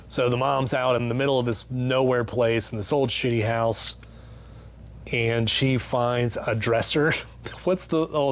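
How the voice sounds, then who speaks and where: Sarcastic, cussing male book reviewer. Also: mid-range voice. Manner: sarcastic, profane and joking, with quick mock-voiced asides. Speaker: book reviewer, channel host. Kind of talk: casual spoken book review.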